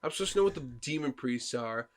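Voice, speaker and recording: Over a noisy crowd, a man with a mid-range voice talks fast on a casual podcast about video games. As co-host, he spins energetic stories and performs the characters' lines himself.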